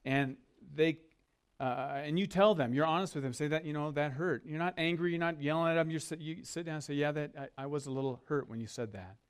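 A man's voice: a little high, fairly quick, hardly any pauses, smooth. A man preaching a sermon as a pastor, earnest and leading his listeners to repeat words with him. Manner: earnest, leads congregation call-and-response.

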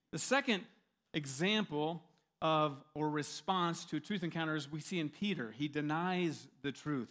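A man preaching in a relaxed, conversational way. His voice sits somewhat high. He restarts sentences often and keeps asking his listeners questions. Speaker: pastor. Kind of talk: sermon.

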